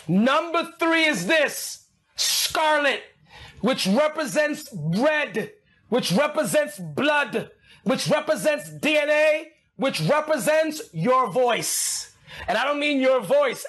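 A man preaching an energetic sermon, excitable, often shouting and laughing, calling his listeners "baby". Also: very high-pitched, measured pace.

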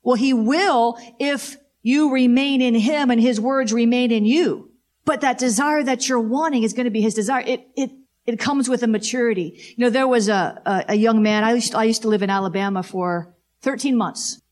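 A woman preacher delivers a sermon with a somewhat high voice. She punctuates points with exclamations of praise and repeats lines for emphasis. When reading scripture she slows down and presses each phrase. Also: a little mellow.

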